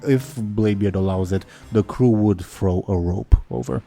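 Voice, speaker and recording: A man's voice: on the low side, a little slow, vocal fry, mellow, soft background music. A young man running a tabletop game as game master, rambling with hesitant fillers.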